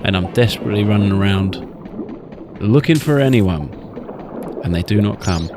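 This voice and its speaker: A man's voice: on the low side, expressive, moderate pace, over music. A man giving wry, chatty commentary over a game playthrough. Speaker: gaming channel host.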